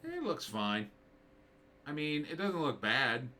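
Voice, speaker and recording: A man's voice: on the high side, huge pitch swings, slow pace, sharp tone. A man talking through a movie trailer in casual commentary, thinking aloud and rambling with many fillers. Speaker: screenwriter reviewing a movie trailer.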